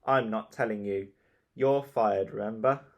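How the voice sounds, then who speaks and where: A man's voice: fairly low pitch, unhurried, lo-fi sound. A man voicing a cheeky, mean boy who jeers at his little brother in a storybook. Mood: scornful. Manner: dismissive, jeering.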